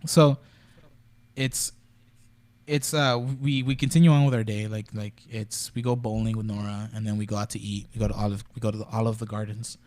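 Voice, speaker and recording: A man's voice: fairly low pitch, flat delivery, brisk, a little mellow, no echo. A young man talking casually on a podcast, telling a rambling, profane story full of fillers. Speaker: podcast guest. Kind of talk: casual chat.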